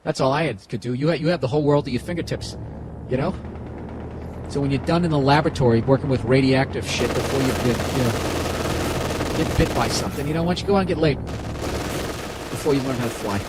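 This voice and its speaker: A man's voice: mid-range voice, fast, long pauses, heavy background noise. A man with a Boston accent, hosting a podcast and giving profane, rambling comedic advice. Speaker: podcast host.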